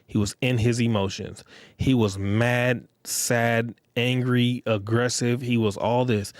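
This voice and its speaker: A man's voice: mid-range voice, takes it slowly, no echo, clean studio sound. A man hosting his own podcast, talking casually and bluntly in slang. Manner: blunt and profane, street slang; animated when acting out others. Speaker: podcast host. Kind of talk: casual solo podcast monologue.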